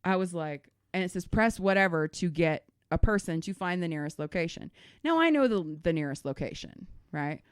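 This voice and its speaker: A middle-aged woman co-hosting a casual podcast, telling a story with a lively, swooping voice and plenty of swearing. The sound is close and dry, with no room around it. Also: on the low side, moderate pace, clean tone, no room sound. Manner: animated storytelling, swears freely. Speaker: podcast co-host. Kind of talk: casual chat.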